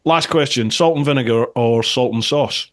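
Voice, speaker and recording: A man's voice: mid-range voice, normal speed. A middle-aged man with an Aberdeen Scottish accent, hosting a casual podcast chat in an easygoing, chatty way with frequent laughs. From Scotland. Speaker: podcast host.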